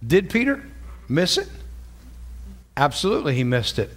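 A man preaching, his voice pitched high and moving all over its range as he talks. He asks the congregation question after question and shifts between slow, quiet stretches and loud, emphatic ones, with laughing asides. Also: very animated. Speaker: pastor. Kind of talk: sermon.

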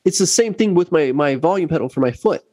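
Animated man telling a gig story. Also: on the high side, fast, no room sound, clean studio sound. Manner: animated, acts out quotes of others. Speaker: bass player telling a story. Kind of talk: casual chat, storytelling.

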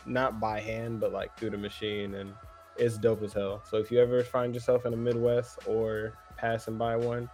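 A man on a casual podcast, talking in a relaxed, easygoing way. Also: lowish voice, moderate pace, faint music behind. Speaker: podcast co-host. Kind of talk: casual chat.

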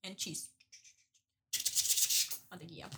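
A woman's voice: takes it slowly, sharp tone. A woman chatting in an easygoing, casual way. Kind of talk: casual chat.

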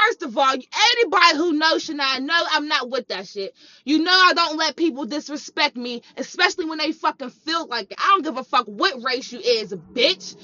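A woman's voice: sits high, expressive, moderate pace, bright, forceful tone, no room sound. A young woman telling a personal story as a heated, profane rant, repeating herself for emphasis. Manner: profane, heated, repetitive ranting. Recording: dull lo-fi recording.

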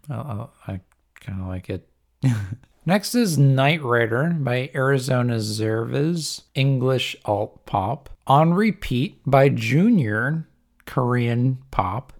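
A man hosting a podcast, chatting casually about music picks with frequent laughs and trailing fillers. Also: mid-range voice. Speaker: podcast host.

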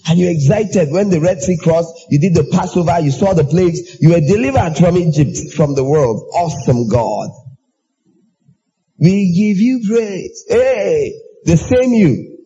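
A man preaching a sermon in an animated way, acting out everyday exchanges in raised voices. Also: moderate pace, breathy edge, highs cut off. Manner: animated, acts out dialogue in high voices.

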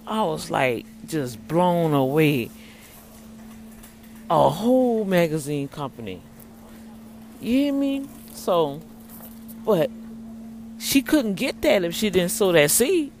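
A woman talks straight to her viewers in an animated, preachy way. She speaks at a medium pitch, in a casual testimony vlog, snacking as she talks. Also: a little hiss or hum. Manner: snacking while talking. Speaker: vlogger.

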